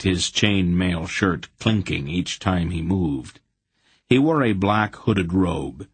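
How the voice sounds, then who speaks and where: A man narrating an audiobook in a measured storytelling manner. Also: low voice, breathy edge, no echo.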